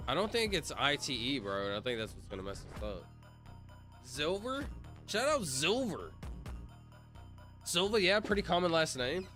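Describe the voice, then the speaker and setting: Young man, casual livestream chatter, rambling, bright voice, faint music behind. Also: mid-range voice, big pitch swings, quick pace, hardly any pauses. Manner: rambling, talks to chat, many fillers.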